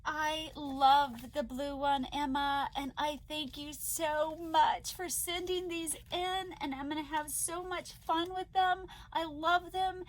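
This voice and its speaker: Very high-voiced, gushing woman vlogger. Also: slow, few pauses. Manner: gushing and excitable, gasping often. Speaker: crochet vlogger. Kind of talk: casual unboxing chat to viewers.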